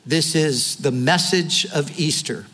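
A man's voice: fairly high pitch, takes it slowly, bright, forceful tone, husky, big-room sound. A man preaching a sermon, earnestly retelling scripture with quoted dialogue. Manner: closing in prayer. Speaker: pastor.

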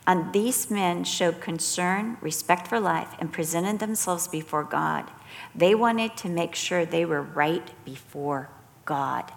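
A woman's voice: on the low side, slow, creaky, long reverb tail. A middle-aged woman sharing earnest stories in a casual Bible study discussion, often restarting her sentences. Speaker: Bible study group member.

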